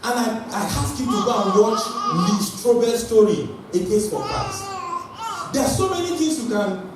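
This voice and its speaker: A man preaching an energetic sermon and calling on his congregation to respond. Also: very high voice, normal speed, over music. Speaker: pastor. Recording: echoey hall, voice from far off, faint noise.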